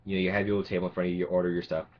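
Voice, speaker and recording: A man's voice: deep voice, little pitch movement, rapid-fire. A man delivering an angry, sarcastic, profanity-laced rant to camera, rambling with restarts. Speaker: vlogger. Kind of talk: ranting monologue. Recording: dull lo-fi recording.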